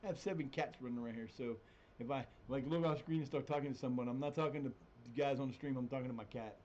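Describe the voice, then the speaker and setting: A man rambling through a live-stream session at home, his voice mellow and unhurried. He gets animated and now and then jumps into a high mock voice. The audio is a little dull and muffled, with a faint hiss behind it. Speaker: streamer playing a football management game. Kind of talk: casual live-stream chat. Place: home room with cats.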